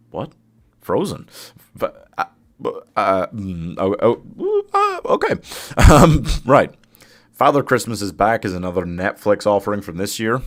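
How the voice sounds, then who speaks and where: Deep-voiced chatty male streamer. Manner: chatty, opinionated, reads chat aloud and laughs often. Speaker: streamer host ranking films. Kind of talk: live-stream casual chat.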